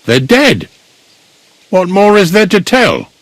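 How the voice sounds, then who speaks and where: An actor playing a blunt, grumbling village gravedigger in a video game, speaking. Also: male voice, sits high, huge pitch swings, takes it slowly, no room sound, full character voice. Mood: gruff.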